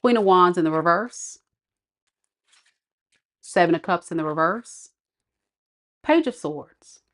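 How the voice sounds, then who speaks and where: A woman's voice: on the low side, takes it slowly. Sassy, chatty woman reading tarot. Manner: chatty, sassy, animated, blunt. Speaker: tarot reader.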